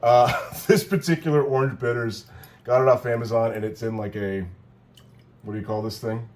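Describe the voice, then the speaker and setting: A man with a steady, medium-pitched voice that's a bit mellow speaks at normal speed, with faint hiss or hum in the recording. Co-hosting a cocktail video at home, he demonstrates a drink in casual, rambling talk, joking and correcting himself.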